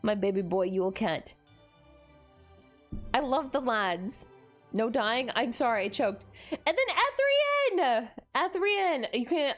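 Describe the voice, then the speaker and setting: A woman streamer chatting casually on a live stream, gushing and excitable, often gasping in delight. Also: on the high side. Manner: gushing and excitable, frequent gasps.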